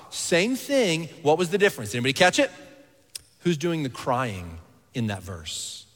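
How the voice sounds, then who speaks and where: A man's voice: a little high, unhurried. Guy preaching a sermon in a church, earnest, long echoey reverb. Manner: earnest, animated preaching, dropping to quiet intensity. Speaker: pastor.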